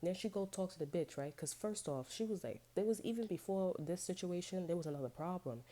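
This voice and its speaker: Low-voiced woman ranting in slang. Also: fairly quick, dark tone. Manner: profane, slangy and rambling. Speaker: vlogger. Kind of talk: casual storytime rant.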